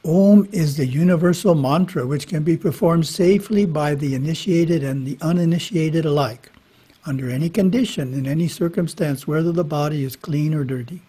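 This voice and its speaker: A man giving a spiritual talk, reading scripture in a measured way with brief casual asides. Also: a little high, dark tone, slightly rough. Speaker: monastery teacher. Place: monastery. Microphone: webinar microphone.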